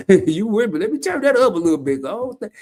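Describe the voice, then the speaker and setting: Animated man hosting a casual livestream. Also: high voice, brisk. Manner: animated and folksy, loose slangy phrasing. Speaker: livestream host. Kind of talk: casual livestream chat reading comments.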